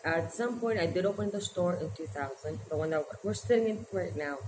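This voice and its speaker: A woman in her forties telling her life story to camera, halting and emotional as she holds back tears. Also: lowish voice. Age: 40s. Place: her small shop by the ocean, indoors. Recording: echoey room with background noise.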